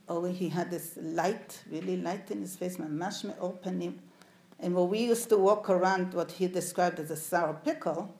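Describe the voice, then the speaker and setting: A woman's voice: medium pitch, warm tone. A woman speaking to a live audience, sharing stories about her father and putting questions to the listeners. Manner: storytelling, puts questions to the audience. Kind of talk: anecdotal talk to a live audience. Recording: echoey room.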